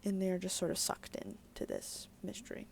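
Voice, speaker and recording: A woman's voice: lowish voice, big pitch swings, moderate pace, gravelly, slight background noise. A woman chatting casually in a daily book vlog, candid and full of fillers, with some swearing. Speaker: book vlogger.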